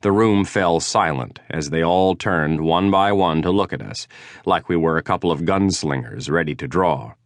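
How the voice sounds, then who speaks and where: A man's voice: low-pitched, normal speed, no echo. A man narrating a first-person audiobook in a dry, understated, wry manner, close to a studio mic.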